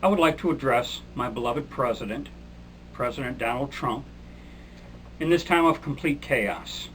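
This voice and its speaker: A man's voice: medium pitch, moderate pace, fairly bright tone, a little hiss or hum, poor audio. Sarcastic man delivering a mock-indignant rant. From Michigan. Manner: mock-indignant, repeating a refrain. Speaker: political commentator. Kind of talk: sarcastic political monologue.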